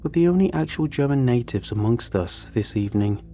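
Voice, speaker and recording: A man reading a first-person story in a measured, tense storytelling manner. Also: medium pitch, animated, mellow, soft background music. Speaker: narrator. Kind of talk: scripted first-person narration.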